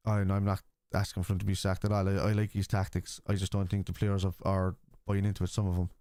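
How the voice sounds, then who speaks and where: A man's voice: sits low, completely flat delivery, fast talker, dark tone, no room sound, clean studio sound. A man with an Irish accent hosting a livestream football watchalong. He argues bluntly with viewers in the chat and swears casually. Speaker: host.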